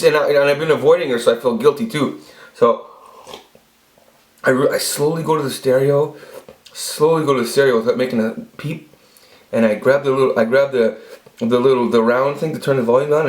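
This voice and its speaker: A man telling a rambling, profane personal story with lots of restarts, as a channel host. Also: medium pitch. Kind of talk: casual storytelling monologue. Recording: echoey room.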